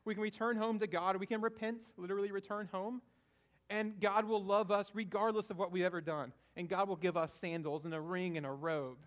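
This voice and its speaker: A man's voice: sits high, steady tone, brisk. A man preaching a conversational sermon, retelling a parable and often checking in with "right?".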